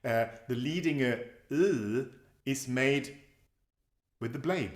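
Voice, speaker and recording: Man explaining tongue positions in a roomy space. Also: mid-range voice. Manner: halting, with frequent restarts and chuckles. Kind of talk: casual explanatory chat. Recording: roomy echo.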